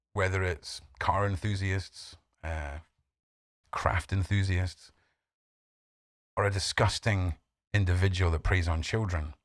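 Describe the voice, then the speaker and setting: With a deep voice, this livestream host chats casually, bluntly swearing as he names and greets viewers. Faint music plays behind clean, echo-free studio sound.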